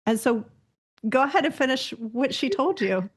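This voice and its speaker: Woman podcast host, kinda high voice, super encouraging, lots of yeahs. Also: lively intonation, moderate pace, husky. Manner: enthusiastic, affirming, many encouraging interjections. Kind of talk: conversational interview.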